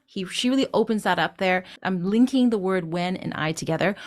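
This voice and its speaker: A woman's voice: mid-range voice, animated, fairly quick, hardly any pauses. A woman vocal coach teaching a song, explaining phrasing and breaking into sung lines to demonstrate. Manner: encouraging, checks in with listeners. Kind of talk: singing lesson, explaining and demonstrating.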